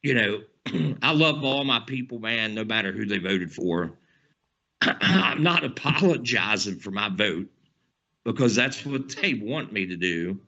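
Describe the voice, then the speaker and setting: A man with a Southern twang rants hard and rambles, swearing freely and tossing in "man" every few phrases. His voice is bright and tense, and the dull lo-fi recording rounds off its top end. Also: fairly low pitch, lively intonation, measured pace. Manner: profane, rambling, says "man" often. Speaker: channel host. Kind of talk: heated political rant to camera.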